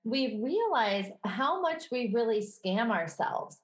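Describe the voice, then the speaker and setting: A woman with a Midwestern accent co-hosting a podcast in casual chat, conversational and quick to laugh. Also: on the high side, sing-song. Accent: Midwestern American. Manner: conversational, laughs easily, self-correcting. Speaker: podcast co-host. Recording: roomy echo.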